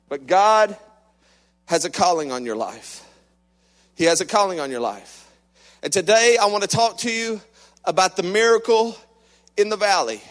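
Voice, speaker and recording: A man preaching an energetic sermon, calling out to the congregation for amens, joking and shouting. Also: high voice. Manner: call-and-response, shouting and joking. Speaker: lay preacher.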